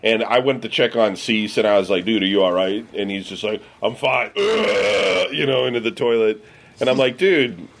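A man's voice: mid-range voice, expressive, normal speed, gravelly, heavy background noise. A man from the US Midwest telling a rambling, profane story among friends, full of fillers. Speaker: podcast regular.

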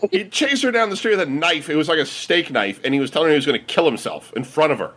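A Midwestern American man spins loose, profane stories among friends, breaking into laughter and quick impressions of the people involved. His voice swings widely in pitch and has a bright, forward edge. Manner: swearing, laughing storyteller with lively quoted voices. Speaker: podcast regular. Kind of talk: casual storytelling among friends.

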